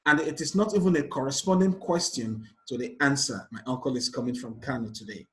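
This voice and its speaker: A man's voice: medium pitch, a little fast, low-quality recording. A man, a teacher patiently going through exam stress questions one by one. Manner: patient, repetitive explanation. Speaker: English teacher. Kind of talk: exam revision lesson.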